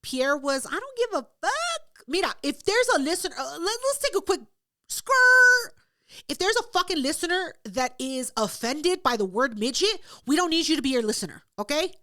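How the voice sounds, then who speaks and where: High, lively-voiced woman, profane storyteller. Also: a little fast, few pauses, no room sound, studio quality. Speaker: podcast co-host. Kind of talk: casual chat.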